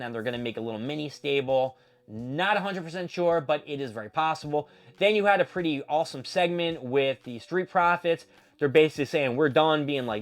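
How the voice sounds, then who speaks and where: A man hosting his own show, giving a casual, animated wrestling recap with swearing and quick impressions. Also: medium pitch. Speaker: show host.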